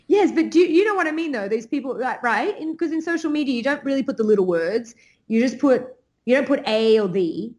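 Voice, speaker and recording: Giggly Australian woman, fairly high voice. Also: expressive, fairly quick, a little mellow. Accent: Australian, partly Americanized. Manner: giggly, laughs often between phrases. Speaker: podcast guest. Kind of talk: casual chat.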